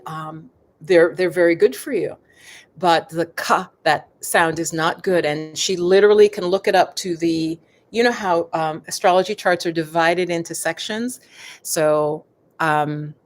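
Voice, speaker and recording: A middle-aged woman with a slightly low voice talks casually on a live stream. She is chatty and digressive and keeps turning to her viewers. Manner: chatty and digressive, addressing viewers as "you guys". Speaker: yoga and meditation host.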